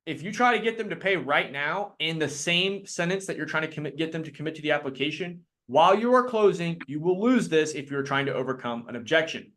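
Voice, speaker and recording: A man leading a live sales training talk, energetic and quick to act out his clients in put-on voices. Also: on the high side.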